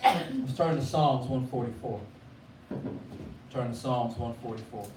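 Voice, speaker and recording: A man preaching a sermon with call-and-response, rising from quiet talk to loud cries. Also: medium pitch, unhurried. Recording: echoey room, from far off, faint noise.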